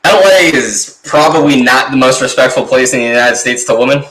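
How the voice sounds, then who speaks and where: A man hosting a casual podcast chat. He keeps a relaxed manner, asks questions and adds short replies. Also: medium pitch, brisk. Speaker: podcast host. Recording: roomy echo.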